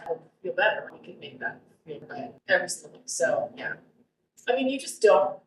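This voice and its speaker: A woman guest telling her own story in a casual interview, rambling with frequent restarts. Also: lowish voice. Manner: rambling, with many restarts and fillers. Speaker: guest, cancer survivor. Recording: roomy, distant mic.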